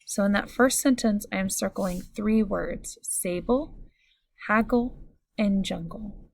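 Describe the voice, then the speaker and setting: A woman teacher leads a recorded phonics lesson at a deliberate, clear pace. Her mid-pitched voice has a slight gravelly fry. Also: darkish tone. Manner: slow, clear, instructive.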